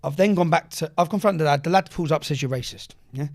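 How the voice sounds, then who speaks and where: A man's voice: a little high, fast talker, darkish tone. A man, a podcast guest telling stories casually, swearing freely and acting out what others said. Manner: swears freely, acts out quoted dialogue. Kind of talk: casual storytelling.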